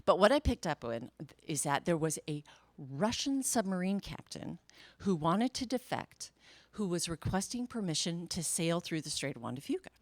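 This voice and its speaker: A woman's voice: on the low side, sing-song, moderate pace, no room sound. A woman storyteller and emcee telling a playful tall tale to a live audience, breaking into sound effects as she goes.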